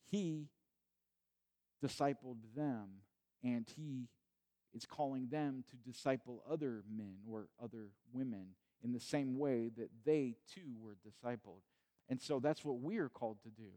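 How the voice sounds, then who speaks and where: A man's voice: medium pitch, unhurried, dark tone. Man preaching in a conversational way. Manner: conversational preaching with restarts and repeated phrases. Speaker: pastor. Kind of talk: sermon. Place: at home during quarantine.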